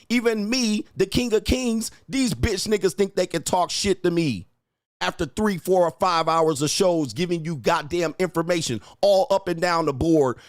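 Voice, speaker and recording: A dating coach hosting a livestream rants at his chat, cursing, insulting and taunting viewers again and again. His voice sits high, and the recording is dry and studio-clean.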